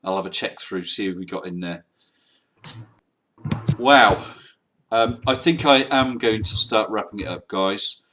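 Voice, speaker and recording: A man's voice: on the low side, measured pace, pauses often, bright, forceful tone, slight background noise. A man hosting a casual live-stream chat, friendly and rambling, often chuckling. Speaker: host.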